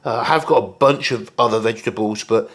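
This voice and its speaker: A young fitness vlogger with a lowish voice talks fast to the camera about his meals. He's chatty and rambling, swearing casually as he goes.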